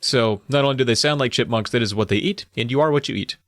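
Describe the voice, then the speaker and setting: A man's voice: medium pitch, fast, fairly bright tone, dry recording, studio quality. A man co-hosting a comedy podcast, reading a book aloud and recapping it, with sarcastic asides. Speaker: podcast co-host.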